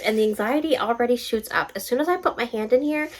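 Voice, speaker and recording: Bubbly excitable young woman vlogger. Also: fairly high pitch, quick pace, few pauses, rough recording. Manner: bubbly, excitable, self-mocking. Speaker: booktube host. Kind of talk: casual vlog chat.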